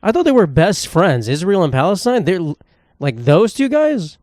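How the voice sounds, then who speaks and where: A man's voice: sits high, sing-song, moderate pace, darkish tone, no echo, clean studio sound. A young man, hosting a solo comedy podcast in a profane, sarcastic, rambling rant. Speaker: podcast host.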